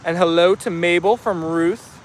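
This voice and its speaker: Outdoors among his dogs, a man hosting a dog channel livestream reads viewer comments aloud in a casual, friendly way. His voice is high-pitched with fairly even intonation and a measured pace, over slight background noise.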